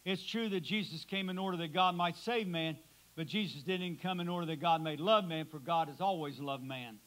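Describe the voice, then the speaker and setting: A pastor delivers a sermon in a church sanctuary, swinging dramatically from loud to hushed. His voice is high and bright at a moderate pace, and the recording quality is low.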